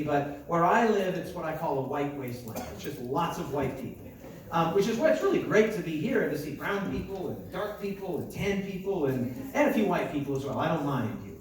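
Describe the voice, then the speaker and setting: A young American man, a pastor, telling stories in a chatty, self-mocking conference sermon full of asides and acted-out dialogue. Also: fairly high pitch. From United States. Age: young adult. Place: large conference hall. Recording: very echoey hall, mic far off.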